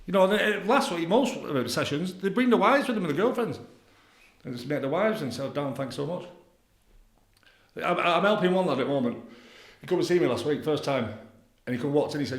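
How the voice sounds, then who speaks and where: A man's voice: on the high side, animated, fairly quick, pauses often. A man, an addiction counsellor, talking bluntly and boastfully in a podcast chat, swearing freely. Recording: echoey room.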